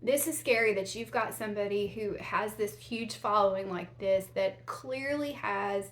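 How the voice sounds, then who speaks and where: A woman's voice: medium pitch, normal speed. A woman hosting a true crime vlog, chatting casually straight to her viewers. She talks in loose, rambling runs with frequent fillers and restarts. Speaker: true crime channel host. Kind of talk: casual commentary to camera.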